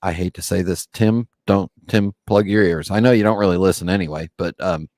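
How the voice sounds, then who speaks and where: Guest: low-pitched emphatic man, wry and repetitive, dry close sound. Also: a little fast, a little mellow, dry recording. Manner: emphatic, repeats words, wry asides. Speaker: podcaster, show guest. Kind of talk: casual livestream chat.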